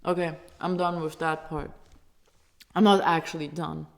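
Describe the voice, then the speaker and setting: A low, gravelly, level-toned woman speaks a little slowly while ranting in English. She's a vlogger from Turkey, a native Turkish speaker, and her angry casual talk is profane and heated, with stumbling restarts.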